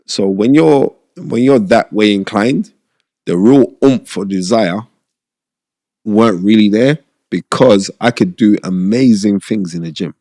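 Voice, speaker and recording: A middle-aged man with a low, gravelly voice talks through his boxing days in a relaxed interview. He rambles warmly and keeps throwing in "you know what I mean?" The sound is close and dry, with no room around it. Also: unhurried, dry recording. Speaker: former boxer, podcast guest. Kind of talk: casual interview storytelling.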